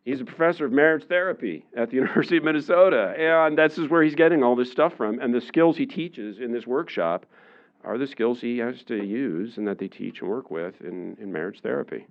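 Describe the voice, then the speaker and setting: A man giving a public lecture in a relaxed, conversational way, with many fillers, often acting out the voices of the people he quotes. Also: mid-range voice, a little fast, muffled recording. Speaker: university lecturer. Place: lecture room.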